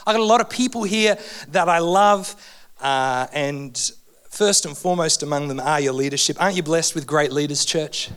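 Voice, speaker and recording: A man's voice: on the high side, moderate pace, fairly bright tone, clear, resonant tone. A man preaching a sermon in a church, humorous and emotional, with big swings in his voice. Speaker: guest preacher. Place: church hall.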